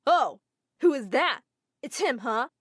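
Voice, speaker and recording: A furious, controlling groom in an animated drama, voiced by a woman narrator. He is loud and accusing. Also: sits high, takes it slowly, breathy edge, no room sound, studio quality, heavily acted. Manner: angry and accusing.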